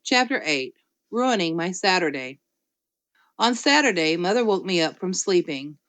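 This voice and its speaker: A woman narrating a children's storybook in first person, lively and playful. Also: lowish voice, normal speed, no echo. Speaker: audiobook reader.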